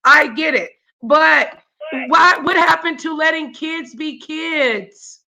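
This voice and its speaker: A woman hosting a casual live talk show, quick to laugh and to steer who speaks. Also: high voice, vocal fry, sharp tone. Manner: laughs easily, directs the talk. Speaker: host.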